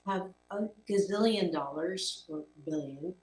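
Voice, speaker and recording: A woman's voice: on the low side, unhurried, a little mellow. A middle-aged woman hosting a talk show as a life coach, speaking earnestly and emphatically, sometimes repeating words as she searches for them. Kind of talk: motivational talk to camera. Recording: echoey room heard from a distance, faint hum.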